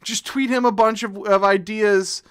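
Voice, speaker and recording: Bright-voiced man hosting a game stream. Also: high-pitched, fairly even intonation, normal speed, clear, resonant tone. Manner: laughing, upbeat sign-off. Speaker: host of a tabletop game stream. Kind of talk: casual streamed game chat.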